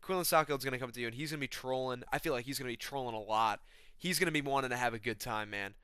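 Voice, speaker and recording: A young man riffing through a casual, slangy comedic monologue in a laid-back ramble. His voice is bright and clear, recorded close and dry. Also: medium pitch, racing, no room sound. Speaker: vlogger.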